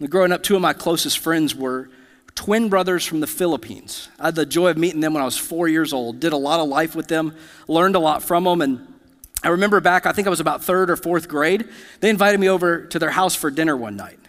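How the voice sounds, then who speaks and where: A man's voice: on the high side, a little fast, a bit bright. A man in his thirties, a pastor from the United States, preaching a conversational sermon to a church congregation and telling personal stories with asides to the room. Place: church sanctuary. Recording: long hall reverb.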